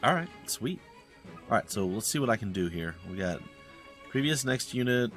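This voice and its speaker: Rambling low-voiced man commenting on gameplay. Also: animated, fairly quick, faint music behind. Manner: rambling, hesitant, with many fillers and restarts. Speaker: let's play host.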